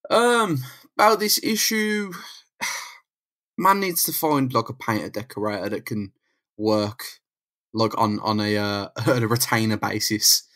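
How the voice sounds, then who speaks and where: A man's voice: fairly low pitch, unhurried, pushed and bright. A man co-hosting a podcast, chatting casually and joking about comics, laughing a lot. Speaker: podcast co-host.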